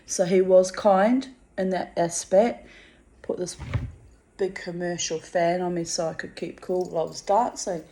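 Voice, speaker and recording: A woman with a lowish, mellow voice tells her own story in a loose spoken monologue. She is theatrical and freely profane, and stretches out words to make a point. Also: fairly even intonation. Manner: theatrical and profane, with drawn-out emphasis. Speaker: personal storyteller.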